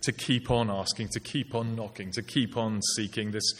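Preacher, low voice, reverberant hall. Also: male voice, fairly even intonation, normal speed, fairly bright tone. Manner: conversational, wry asides with put-on polite voices. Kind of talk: sermon.

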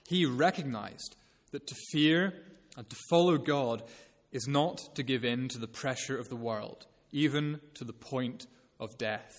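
Earnest male preacher in a reverberant hall. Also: mid-range voice. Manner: earnest, measured expository preaching. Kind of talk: sermon.

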